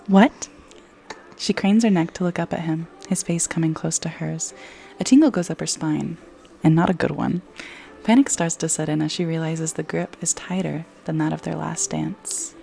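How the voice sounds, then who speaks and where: A young woman reads a story in hushed ASMR narration. Her voice is very low and gravelly with a mellow, dark tone, and a faint hiss sits behind it. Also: fairly even intonation, moderate pace. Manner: soft, whispery. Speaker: ASMR creator.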